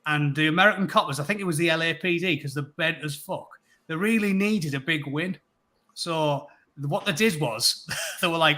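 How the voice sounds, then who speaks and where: Brief: male co-host, high, bright voice, chatty profane storyteller. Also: fast. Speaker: stream co-host. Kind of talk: casual storytelling chat.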